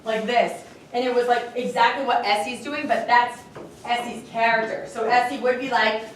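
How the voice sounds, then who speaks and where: A woman directing a play rehearsal, talking animated and acting out the lines as she explains them, with lots of "like". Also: a little high, moderate pace, a little hiss or hum. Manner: animated, acts out lines while explaining, many "like"s. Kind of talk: rehearsal coaching. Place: theater or school auditorium. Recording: echoey hall from far off with crowd.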